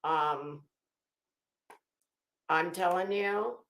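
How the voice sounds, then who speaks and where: A woman's voice: lowish voice, very slow, fairly bright tone, roomy sound. A woman hosting a casual live chat, rambling and effusive, often cutting herself off mid-sentence. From Florida. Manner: rambling, self-interrupting, effusive. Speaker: commentary channel host.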